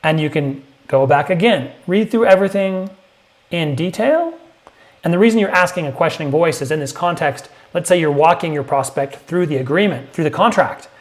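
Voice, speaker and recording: A man's voice: lively intonation, brisk. Emphatic man coaching on sales. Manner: emphatic, punchy, acts out prospect lines in a higher voice. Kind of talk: direct-to-camera sales lesson.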